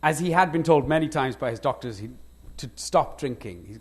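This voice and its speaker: A Welsh actor in an on-stage conversation, telling lively anecdotes with frequent laughs and restarts. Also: male voice, medium pitch, a little fast, few pauses, slightly rough. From Wales. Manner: animated anecdotes, laughs often, self-interrupting restarts. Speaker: guest actor. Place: lecture stage before an audience.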